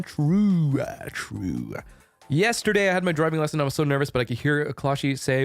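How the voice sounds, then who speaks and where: A man's voice: a little high, animated, normal speed, no echo, faint music behind. A young man chatting casually on his stream, rambling and playful, swearing freely and laughing often. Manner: frequent laughter and restarts. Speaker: VTuber streamer.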